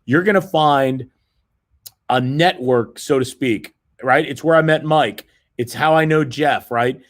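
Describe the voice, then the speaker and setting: A man's voice: medium pitch, measured pace. A middle-aged man giving a motivational sales seminar, persuading the audience and checking in with frequent "right?" tag questions. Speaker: seminar presenter.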